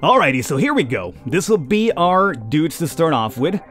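A man's voice: fairly high pitch, big pitch swings, moderate pace, fairly bright tone, faint music behind. A man hosting a casual let's-play, chatting and rambling as he plays and laughing easily. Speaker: gaming YouTuber.

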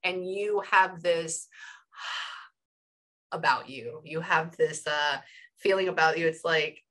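A woman's voice: sits low, takes it slowly, bright, forceful tone. A woman astrologer and psychic reader giving a casual one-on-one session over a video call, chatty and rambling with lots of "like". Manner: chatty and rambling, heavy use of "like". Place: home room. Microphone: headphones on a video call.

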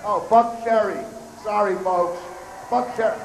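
Brash hoarse man bantering on stage. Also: sits high, steady tone, a little slow, background noise. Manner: brash, profane, joking. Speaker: festival emcee, comedian. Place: outdoor festival stage. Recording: echoey outdoor PA sound.

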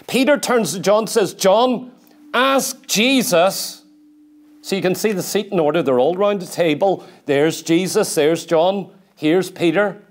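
A man preaching a sermon in a church, emphatic and questioning, at times dropping to a quiet, intense delivery. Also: high voice. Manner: emphatic, asks the congregation direct questions.

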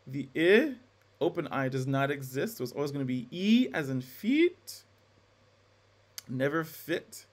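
A man's voice: on the high side, a little mellow. A man teaching a choral conducting class, talking casually with frequent restarts and self-corrections and demonstrating sung vowels. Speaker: music instructor. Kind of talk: classroom lecture.

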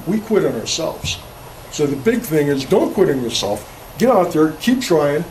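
A man's voice: on the high side, lively intonation, moderate pace, darkish tone, slight background noise. A man giving a casual, folksy workshop talk on carving to an audience, rambling a little and telling jokes. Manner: folksy, rambling, tells jokes, restarts words. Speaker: chainsaw carving instructor. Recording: distant mic, faint room ambience.

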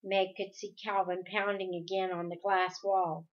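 A woman reads a storybook aloud slowly, keeping an unhurried, steady delivery with the odd restart. The recording sounds dull and lo-fi. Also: mid-range voice. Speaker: reader.

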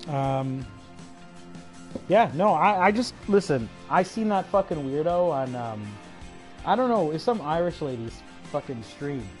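Unhurried yet animated, a man with a higher voice delivers an aggressive, curse-filled livestream rant against faint background music. He taunts, mumbles asides, and now and then breaks into chuckles.

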